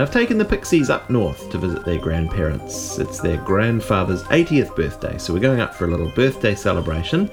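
A man hosting a children's radio show, giving a cheerful pre-recorded introduction. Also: fairly low pitch. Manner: cheerful, lively greeting. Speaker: kids show radio host. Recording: music bed underneath.

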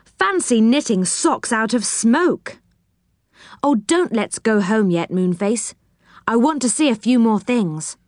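A woman's voice: fairly high pitch, expressive, slow, darkish tone, no room sound, studio quality. A woman voicing an eager, cheerful young boy in a storybook reading.

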